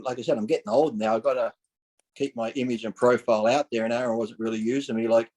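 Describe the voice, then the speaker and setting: A fast-talking man in his forties with a mid-range voice, heard through poor audio, is a guest on a podcast swapping stories in casual chat. He's animated, acts out other people's voices when quoting them, swears freely, and laughs a lot.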